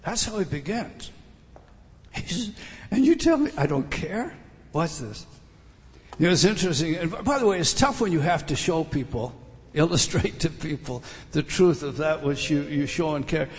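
High-pitched man preaching in a reverberant hall. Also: normal speed. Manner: emphatic, repeats words, asks the listeners questions. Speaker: pastor. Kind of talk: sermon.

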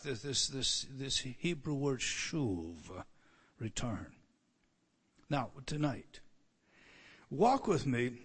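A man's voice: fairly high pitch, a bit bright. Emphatic man preaching a sermon. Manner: emphatic, repetitive, rising on key words; stammering restarts. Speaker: pastor. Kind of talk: expository sermon.

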